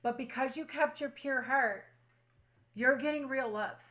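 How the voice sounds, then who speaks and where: Bright-voiced woman giving a tarot reading. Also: high-pitched, a little slow, muffled recording. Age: adult with a child at home. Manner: earnest, reassuring, repeats affirmations. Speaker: tarot reader. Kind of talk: spiritual tarot reading to viewers.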